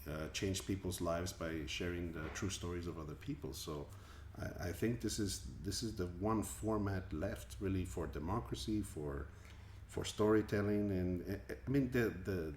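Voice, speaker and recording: A man's voice: sits low, normal speed, few pauses, a little mellow. A man from Colombia, a musician guest, answering interview questions in a thoughtful, earnest way, often repeating words as he searches for them. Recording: echoey room with faint ambient noise.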